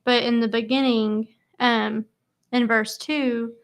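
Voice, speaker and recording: A woman reading scripture aloud, then leading a casual church Bible study slowly with many pauses and fillers. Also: fairly high pitch, little pitch movement, clear, resonant tone. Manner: slow, halting, with many fillers.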